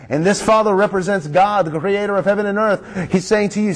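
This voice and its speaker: A man's voice: sits high, fast talker, hardly any pauses. A man pastor preaching a sermon, emphatic and drawing his congregation into call-and-response.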